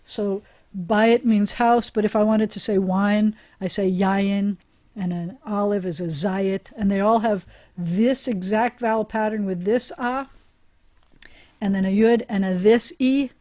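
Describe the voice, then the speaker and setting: A woman's voice: mid-range voice, fairly even intonation, unhurried, dark tone. A woman rabbi teaching a Hebrew class over a video call, chatty and encouraging, often laughing with her students.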